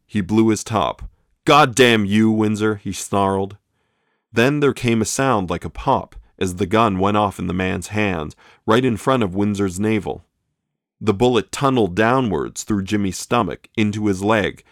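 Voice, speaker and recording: Low-voiced man narrating true crime. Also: dry recording, studio quality. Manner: dramatic, measured storytelling. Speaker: podcast host and narrator.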